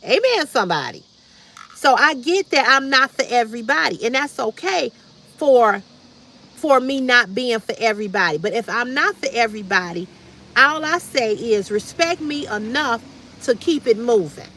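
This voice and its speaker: A woman's voice: on the high side, expressive, normal speed, fairly bright tone. A woman, hosting a casual livestream, answering comments bluntly and directly with preachy repetition. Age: 50s. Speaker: livestream host.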